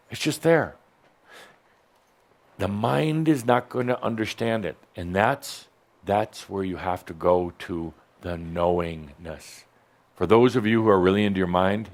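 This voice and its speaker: Playful, teasing man with a lively voice. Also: lowish voice. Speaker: channeler addressing a live audience. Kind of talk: channeled spiritual talk. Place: live gathering with an audience.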